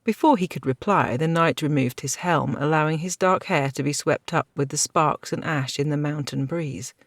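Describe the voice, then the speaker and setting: A woman narrating a fantasy audiobook with a steady, dramatic reading. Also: deep voice, normal speed, no room sound, clean studio sound.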